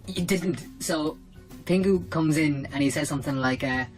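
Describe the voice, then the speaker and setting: A man's voice: a little high, moderate pace, soft background music, low-quality recording. A man from Cork with an Irish accent, talking in a laid-back, jokey interview. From Ireland (Cork). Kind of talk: casual interview.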